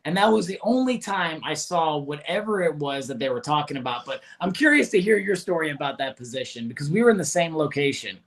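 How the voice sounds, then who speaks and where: Man, 40s, veteran. Easygoing, curious storyteller with a slightly raised speaking pitch. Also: lively intonation, fairly quick, few pauses. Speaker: Marine veteran. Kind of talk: casual reminiscing chat.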